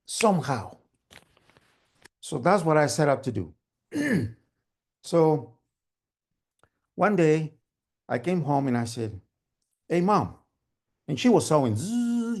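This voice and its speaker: A man telling a story at a live storytelling event, animated and humming sewing-machine sounds. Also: medium pitch. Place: storytelling event, online gallery view.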